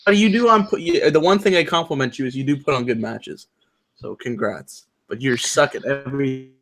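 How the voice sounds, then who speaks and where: A young man co-hosting a casual wrestling chat, blunt and sarcastic and quick to swear. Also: mid-range voice, a bit bright. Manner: blunt and sarcastic, swearing, swings up when worked up. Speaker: co-host.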